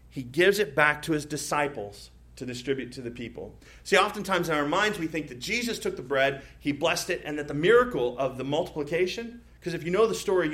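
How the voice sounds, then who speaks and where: A man preaching a sermon from a church stage, his voice sitting a little high for a man. He talks casually and playfully, tossing in asides and rhetorical checks with his listeners, and he jumps up in pitch when he acts out imagined voices. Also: fairly bright tone. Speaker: pastor.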